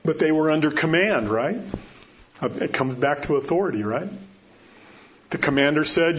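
A pastor with a slightly high, expressive voice preaches at normal speed, leaving long pauses. His sermon is conversational, often checking in with listeners through rhetorical questions, and the recording is dull and lo-fi with faint noise.

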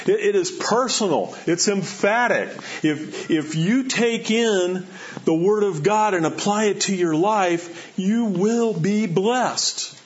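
A man's voice: high-pitched, a little hiss or hum. A man giving a sermon in an earnest way, repeating key phrases and letting his voice rise and drop for emphasis. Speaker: preacher. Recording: dull lo-fi sound.

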